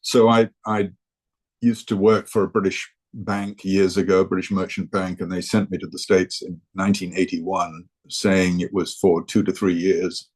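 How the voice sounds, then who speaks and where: A man's voice: low-pitched, little pitch movement, moderate pace, a little mellow, slightly rough. An older man giving an informal talk to a society, hesitant, with many fillers and restarts. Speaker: guest speaker.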